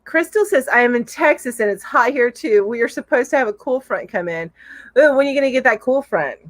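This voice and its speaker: Bubbly high-voiced woman live-streaming. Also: animated, brisk, dry recording. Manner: bubbly, giggly, coos at her cat. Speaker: live show host. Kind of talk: casual live-stream chat, reading comments.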